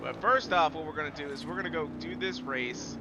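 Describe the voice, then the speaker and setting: Streamer, man, high-ish voice, loose and profane play-by-play, game engines roaring behind. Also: a little fast, muffled recording. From United States. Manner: excitable, profane trash talk at rivals. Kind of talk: live gameplay commentary. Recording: loud game engine noise underneath. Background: racing game car engines.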